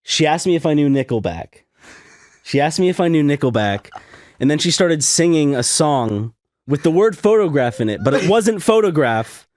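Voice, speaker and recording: A man's voice: normal speed, no room sound, clean studio sound. A young man co-hosting a casual chat, telling a story with lots of laughs and acted-out quotes. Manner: animated, laughs often, acts out quotes in a high voice. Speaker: podcast co-host.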